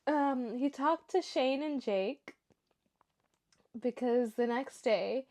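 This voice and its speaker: A woman's voice: high-pitched, slow, a little mellow. A young woman reading stories aloud for her show and breaking off into emotional, chatty reactions. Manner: emotional, chatty asides between read passages. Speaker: story reaction host.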